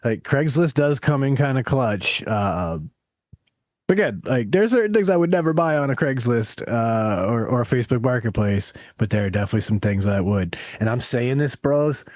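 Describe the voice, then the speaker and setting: Male podcast co-host, mid-pitched, swears freely, dry studio sound. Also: normal speed, no echo. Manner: profane, animated storytelling. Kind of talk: casual podcast chat.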